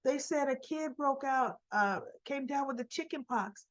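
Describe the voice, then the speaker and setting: A woman's voice: high voice, a little slow. Woman animatedly recapping a soap episode, lo-fi. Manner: animated retelling, acts out characters' lines, laughs often. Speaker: soap opera recap vlogger.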